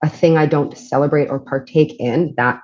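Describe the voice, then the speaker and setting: A woman's voice: deep voice, steady tone, moderate pace, a little mellow, highs cut off. A woman from Montreal in her thirties, a podcast guest chatting casually with dry, self-mocking humor. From Montreal, Canada. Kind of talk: casual chat.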